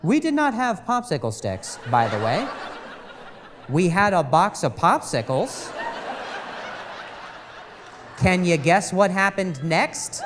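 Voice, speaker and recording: A male stand-up comedian telling an exasperated story on stage, animated and stammering over repeated words, into a handheld mic. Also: high-pitched, slow, long pauses, in a large hall, background noise.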